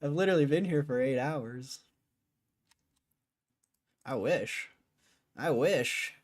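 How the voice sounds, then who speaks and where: Worn out after hours on air, a livestreamer argues with his chat in a loose, cussing way, laughing between lines. His voice is medium-pitched and slow.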